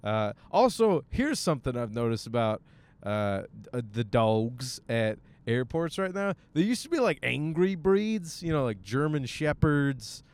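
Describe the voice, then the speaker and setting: A man rambling to his listeners from behind the wheel, with a smooth, resonant voice. He jokes at his own expense, swears freely and tosses in silly voiced asides. His pitch sits in the middle of the male range. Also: big pitch swings, unhurried, darkish tone. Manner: jokey and self-mocking, with frequent swearing and silly voiced asides. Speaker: podcast host. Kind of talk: casual rambling monologue. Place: in a car while driving.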